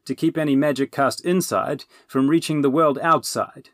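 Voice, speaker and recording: A man doing a brisk, urgent wizard. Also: on the high side, a bit bright, no echo, studio quality, pitched above the performer's own voice, close to an everyday voice.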